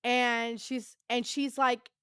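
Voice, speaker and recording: Woman with a slightly high voice, a chatty, profane storyteller who rambles fast with a laugh; close, dry mic. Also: flat delivery, a bit bright, clear, resonant tone, no room sound. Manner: rapid, rambling and profane, with frequent laughs and "right?" asides. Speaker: podcast guest. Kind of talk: casual storytelling.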